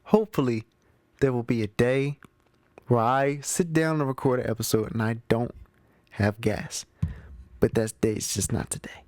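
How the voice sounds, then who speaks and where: A man's voice: mid-range voice, moderate pace, long pauses, a little mellow, dry recording. A man hosting his own movie show, recapping the plot in a casual, slangy way and talking straight to his listeners. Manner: chatty, slangy, talks straight to the audience. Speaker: movie review show host.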